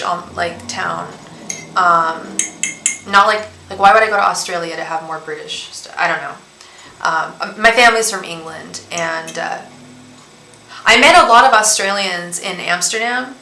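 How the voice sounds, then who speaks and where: In a roomy, echoing space, a young tarot reader and psychic host talks casually and at length to her live-stream audience. She speaks in a creaky, mid-range voice with a sharp edge. There's slight background noise.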